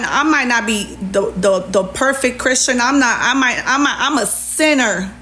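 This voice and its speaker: A middle-aged woman with a fairly high voice, talking indignantly and sarcastically into her phone on a live stream. She reads out messages and fires back at them. A faint noise sits under her voice. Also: a bit bright. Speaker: livestreamer. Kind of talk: heated TikTok live rant.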